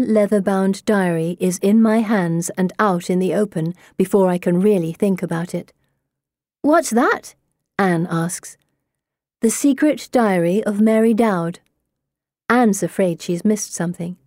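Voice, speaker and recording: Brief: woman audiobook narrator, mellow and dry, intimate first-person telling. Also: on the low side, dry recording. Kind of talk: scripted narration.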